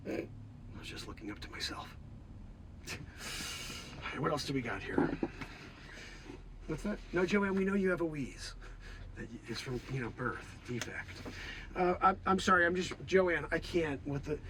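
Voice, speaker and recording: Hoarse guy doing improv comedy, high voice jumping all over, fake outrage then mumbling. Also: slight background noise. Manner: mock-outraged, swings between shouting rants and muttering. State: hoarse, losing his voice. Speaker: comedy streamer host.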